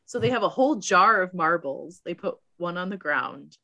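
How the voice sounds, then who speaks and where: Woman co-host, lowish voice, giggly movie recap from notes. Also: expressive, moderate pace, sharp tone, highs cut off. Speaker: podcast co-host. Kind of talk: casual movie recap chat.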